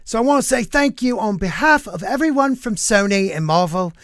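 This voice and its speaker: A man's voice: high voice, expressive, a little fast, a bit bright, dry recording, studio quality. A man putting on a young English male film star's voice in an exaggerated English accent, gushing thanks to fans. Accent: English, attempted. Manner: exaggerated, wobbly put-on accent.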